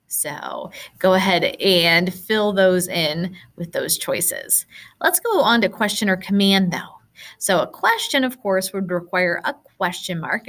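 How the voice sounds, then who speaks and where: Woman, teacher, lively rising pitch, patient, encouraging, step-by-step explaining. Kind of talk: recorded classroom lesson.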